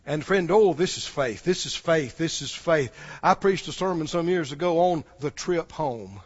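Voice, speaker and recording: A man preaching a sermon, moving from hushed storytelling to shouted exhortation and chuckling as he goes. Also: fairly high pitch, lively intonation, moderate pace, highs cut off.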